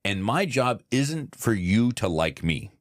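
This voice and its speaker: Deep-voiced man telling a lively story. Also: slow pace, dry recording, studio quality. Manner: animated storyteller acting out quotes, swears freely. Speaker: podcast co-host. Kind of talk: casual chat.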